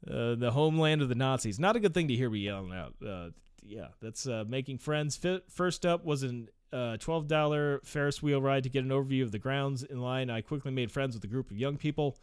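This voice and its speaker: A man's voice: mid-range voice, a little fast, clean tone, no echo, studio quality. A young man casually reading an article aloud and breaking off into rambling, profane asides with frequent laughter.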